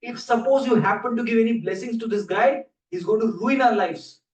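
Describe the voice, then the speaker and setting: A man's voice: on the high side, normal speed, lightly acted. Man playing anxious gods, pleading, urgent, echoey room, far from mic. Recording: roomy hall, voice from a distance.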